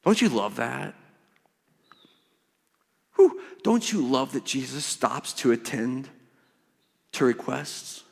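A man preaching a sermon as pastor, emphatic and swinging from hushed words to loud ones. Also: medium pitch, very animated, slow, vocal fry, long pauses. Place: church. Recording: church hall reverb.

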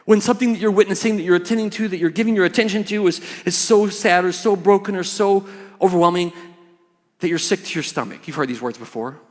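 A man preaching a sermon as pastor, emphatic and swinging from hushed words to loud ones. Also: high-pitched, quick pace. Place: church. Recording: church hall reverb.

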